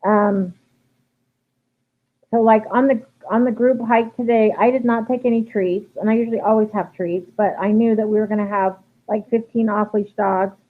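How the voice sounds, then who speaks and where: A woman's voice: mid-range voice, steady tone, normal speed. Chatty woman dog trainer, tinny sound. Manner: chatty, many ums and restarts. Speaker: dog trainer answering viewer questions. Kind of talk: live Q&A, casual explanation. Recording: tinny phone-like livestream audio.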